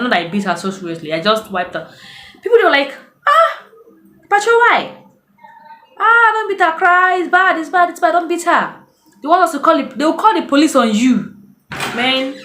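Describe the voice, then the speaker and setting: In an echoey room with a little hiss or hum, a vlogger from Nigeria shares casual advice through storytelling, chatting away and voicing the people she quotes. She speaks with a Nigerian accent in a mid-range, fairly bright voice.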